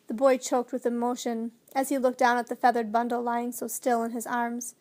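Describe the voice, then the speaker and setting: A woman narrating a children's storybook in a clear, expressive way. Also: fairly high pitch, moderate pace, few pauses. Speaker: audiobook narrator.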